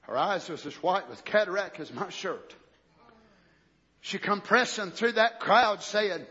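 A man preaching a sermon, telling a story in folksy rural grammar and rising to shouted questions. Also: sits high, expressive, measured pace, breathy edge. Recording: echoey hall, muffled old recording.

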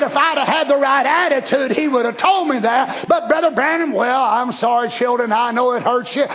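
High-voiced preacher, shouting bursts. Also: male voice, normal speed, few pauses, crowd noise, background noise. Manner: animated, shouting bursts, folksy asides. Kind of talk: Pentecostal-style sermon.

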